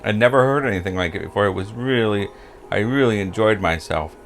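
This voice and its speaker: With faint music behind him, an older American vlogger talks a little fast in a lowish voice. His casual storytelling drifts through pub tales as he chuckles and loses track of names.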